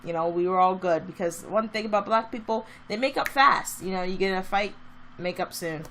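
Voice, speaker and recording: A woman's voice: medium pitch, fairly quick, a little hiss or hum. Chatty woman vlogger telling a story. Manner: chatty, animated storytelling that drifts into a heated rant. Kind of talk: casual storytelling vlog.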